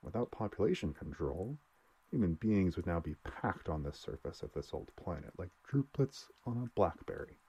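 A man reading aloud and voicing a self-assured elderly doctor who talks in a measured, lecturing way. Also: low voice, big pitch swings, mellow, breathy edge, exaggerated voice.

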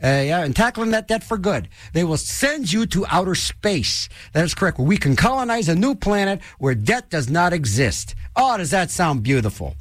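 An older man hosting a radio show, rambling and joking in a loose, animated way in a studio. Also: a little fast, few pauses, no room sound. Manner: animated, rambling, jokey, restless pitch swings. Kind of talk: rambling radio host chat.

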